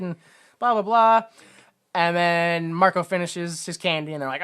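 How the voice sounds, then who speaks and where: A woman's voice: low-pitched, normal speed, fairly bright tone, clean tone. A woman co-hosting a podcast, recapping a film in rambling casual chat, swearing and acting out silly quotes. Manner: rambling, laughing, swearing, acts out quotes in a goofy raised voice. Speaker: podcast co-host.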